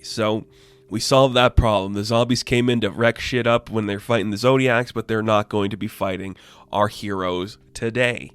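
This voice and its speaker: A man giving a casual, excited comic book review, talking loosely and swearing freely. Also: fairly low pitch, normal speed, smooth, no echo.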